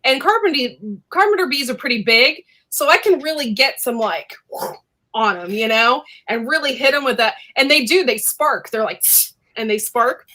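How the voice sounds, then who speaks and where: A woman's voice: high-pitched, animated, normal speed, bright, forceful tone, rough recording. A woman hosting a casual live chat, talking chattily and laughing often. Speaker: host.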